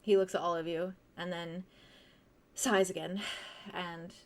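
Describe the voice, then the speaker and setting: A woman's voice: fairly low pitch, flat delivery, measured pace. Woman, game master, casual tabletop narration, hesitant, frequent fillers.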